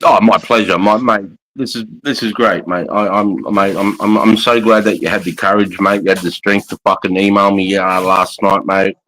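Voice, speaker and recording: A man's voice: low voice, steady tone, normal speed, a bit bright, dry recording, rough recording. A man hosting a live stream, talking in a matey, swearing way and dropping "mate" and "bro" into nearly every line. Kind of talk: casual live-stream chat.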